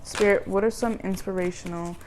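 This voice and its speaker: A young woman talks through a tarot card reading in a casual, chatty way. She gets excitable and emphatic, and she repeats phrases to drive her point home. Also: mid-range voice, a little fast, very noisy. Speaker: tarot reader.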